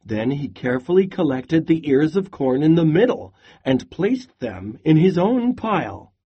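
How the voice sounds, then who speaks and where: Slow, expressive male storyteller. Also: fairly high pitch, husky, highs cut off. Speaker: storyteller and teacher. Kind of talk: storybook read-aloud with reading prompts.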